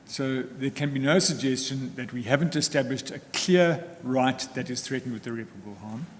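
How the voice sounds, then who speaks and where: A man arguing a case in court, formal and measured, with some restarts. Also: mid-range voice, a little hiss or hum. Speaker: advocate in court. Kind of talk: legal argument in court. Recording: long reverb of a hall, faint ambience.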